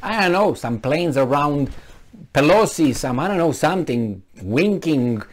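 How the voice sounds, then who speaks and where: A man's voice: fairly high pitch, a little slow. A man with a Romanian accent giving a casual commentary monologue, acting out little scenes with sound effects and quoted voices. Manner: animated storytelling with sound effects and acted-out quotes. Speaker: commentary vlogger.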